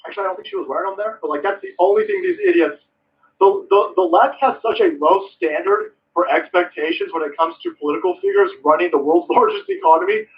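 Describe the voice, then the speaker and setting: High-pitched male streamer, sarcastic and profane political ranter, recorded on a dull, distant mic. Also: sing-song, fast talker. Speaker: live streamer. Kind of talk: ranting political commentary stream.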